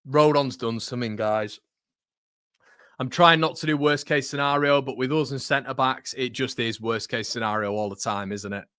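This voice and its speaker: A young man reacts live to a football match as he hosts a watchalong, chatting to viewers. He is excitable and swings from sudden shouts to low mutters. His voice sits at an ordinary pitch, and the sound is dry and close. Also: moderate pace, smooth, no room sound. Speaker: watchalong host.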